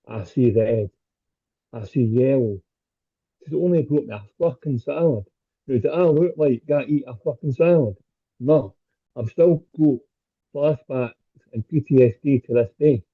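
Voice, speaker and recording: A man's voice: mid-range voice, measured pace, long pauses, husky. A Scottish man doing a stand-up set over a video call, with crude, self-deprecating punchlines. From Scotland. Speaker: stand-up comedian. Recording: tinny phone-like call audio.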